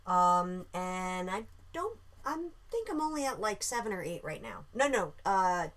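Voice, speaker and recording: A woman's voice: lowish voice, big pitch swings, a little slow, fairly bright tone. A woman hosting a live art stream, chatting casually and thinking aloud, with lots of fillers while she works. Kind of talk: casual chat while drawing.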